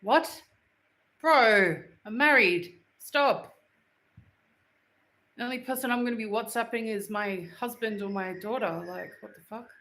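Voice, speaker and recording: This livestream host is an Australian woman chatting playfully with her viewers in slang from home, heading into the kitchen. Her voice is a little high and fairly bright, her pace measured, with long pauses. The recording is roomy, as in a home.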